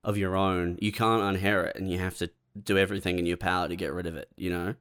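A man's voice: level tone, fast, fairly bright tone, clean tone. A young man in casual chat, laying out comedy ideas and laughing along. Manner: pitches comedy bits, laughs often.

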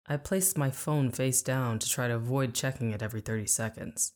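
A woman with a strikingly deep voice reads her memoir aloud as an audiobook. Her storytelling is wry and dramatic. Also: normal speed, hardly any pauses, a little mellow. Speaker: narrator.

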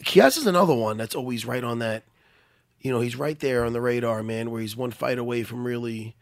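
A man co-hosting a casual sports chat, excitable and swearing freely, often laughing. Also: medium pitch, brisk, gravelly, dry recording. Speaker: podcast co-host.

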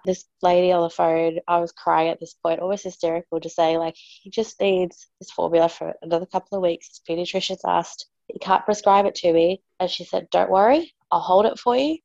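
Woman, 30s, animated exasperated storyteller; dull, dry recording. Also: a little fast, creaky, hardly any pauses, no room sound. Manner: animated, exasperated, mimics others in raised pitch. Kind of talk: casual storytelling.

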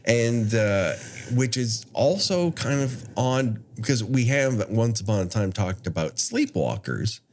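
A low-pitched man chats casually as a podcast co-host, recapping a horror movie scene by scene. His voice swings widely in pitch, rising and dropping as he jokes. He laughs often between lines. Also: a little slow, hardly any pauses. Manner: animated, laughs often, plot-summarizing.

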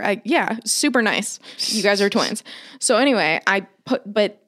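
A woman's voice: mid-range voice, normal speed. A woman in her thirties, co-hosting a podcast, telling a long story in casual chat and swearing freely. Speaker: podcast co-host.

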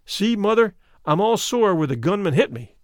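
A man's voice: sits high, sing-song, normal speed, no echo, clean studio sound. A man voicing a frightened little boy. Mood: pleading. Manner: pleading, tearful words.

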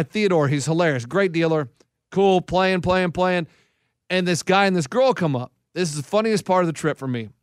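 A man's voice: a little high, smooth, no echo, studio quality. A man co-hosting a podcast, telling rambling anecdotes full of restarts in casual chat. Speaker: podcast co-host.

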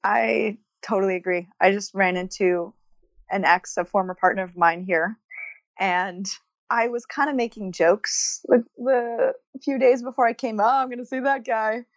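A woman comedian, a podcast guest, telling a personal story in a lively, laughing manner. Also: medium pitch, unhurried, no echo, highs cut off. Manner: animated storytelling, laughing through tears. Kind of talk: casual podcast conversation.

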